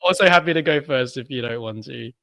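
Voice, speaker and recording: A man's voice: mid-range voice, fairly quick, creaky, sharp tone, no room sound. A man co-hosting a podcast, playful and eager in casual chat. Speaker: podcast co-host.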